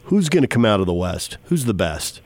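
A man hosting a sports radio interview, asking questions with long, energetic set-ups. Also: on the low side, fairly quick.

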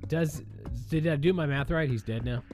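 A man co-hosting a podcast in casual chat, animated and quick to laugh, on a cheap computer mic. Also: a little high, soft background music. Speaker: podcast co-host.

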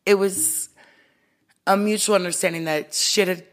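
A woman's voice: medium pitch, fairly even intonation, a little slow. Candid woman guest in casual chat. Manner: candid, blunt, swears casually.

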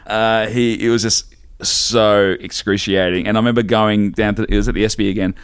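Rambling Australian comedian with a low voice. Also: male voice, fairly even intonation, brisk, clean tone, no echo, studio quality. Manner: rambling, self-deprecating, many restarts. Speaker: stand-up comedian guest. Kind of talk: casual storytelling chat.

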